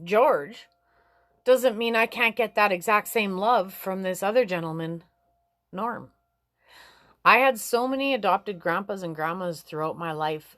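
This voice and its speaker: A woman talking in a frank, rambling way about life and relationships, swearing freely and climbing high in pitch when she gets animated. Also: no echo. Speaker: vlogger giving life advice. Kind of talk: casual spiritual chat.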